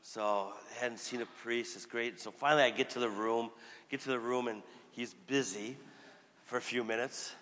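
Priest preaching with a bright voice in a reverberant church. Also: male voice, mid-range voice, steady tone, moderate pace, slight background noise. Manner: storytelling with voiced quotes, conversational. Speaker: Catholic priest. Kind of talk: sermon.

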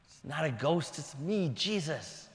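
A calm, gentle male holy teacher , as a preacher puts him on, coaxes in a soft, hushed voice. Long church-hall reverb trails behind each word, and the voice sits high for a man. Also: unhurried.

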